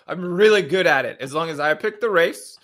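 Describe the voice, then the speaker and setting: Young male co-host, a bit higher voice, deadpan teasing, supportive sidekick energy. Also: fairly quick. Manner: dry, teasing quips and supportive interjections. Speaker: podcast co-host. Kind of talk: casual chat.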